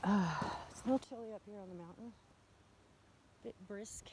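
A woman vlogging outdoors on a chilly mountain while walking her dogs, a bit out of breath, calling to them in a high sing-song voice. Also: racing, noisy background. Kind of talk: casual vlog narration while walking dogs.

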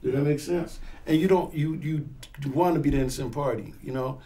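A man's voice: on the high side, brisk, warm tone. A man who teaches firearms classes and serves as a pastor, talking casually in an interview and acting out scenarios with quoted voices.

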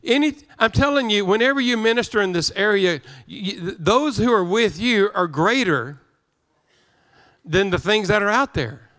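A man's voice: high voice, lively intonation, moderate pace, a bit bright. A male pastor preaching a sermon, emphatic, repeating his phrases and restarting words as he drives his points home.

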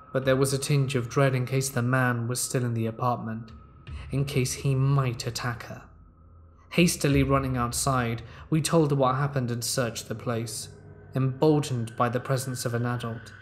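Calm man narrating a horror story. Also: mid-range voice, a little hiss or hum. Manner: calm, measured first-person storytelling. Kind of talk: scripted narration of horror stories.

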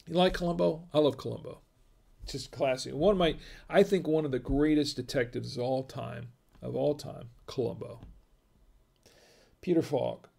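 A man's voice: a little high, moderate pace, gravelly, darkish tone. A middle-aged man from North Carolina hosting a casual livestream, rambling and chatty with many fillers and restarts. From North Carolina, USA. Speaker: host.

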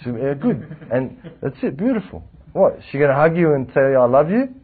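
A man, teaching a religious class with lively rhetorical questions to his students. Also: medium pitch, moderate pace, husky. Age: 40s. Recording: tinny lo-fi lecture recording.

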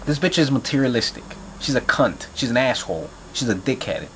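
Speaking directly to his viewers, this male vlogger launches into a heated tirade full of swearing, fillers and repeated points. His medium-pitched voice is sing-song, brisk and a bit bright, with a little background noise in the recording.

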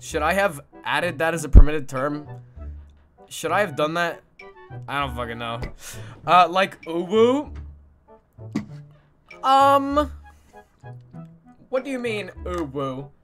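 Tired canadian streamer dude yapping at chat, swears a lot, yelps sometimes, bright edgy voice, kinda high. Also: male voice, slow pace, long pauses, faint music behind. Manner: excitable and swearing, with sudden yelps. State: sleep-deprived. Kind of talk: livestream chat reading viewer messages.

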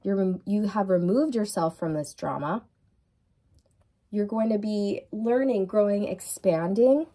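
Warm, mellow-voiced woman reading tarot. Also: mid-range voice, a little slow. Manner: soothing, affirming, repetitive. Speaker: tarot reader. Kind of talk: tarot card reading to viewers.

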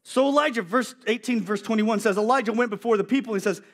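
A male preacher giving a sermon, telling a story in an animated way with acted-out voices. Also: sits high, fast.

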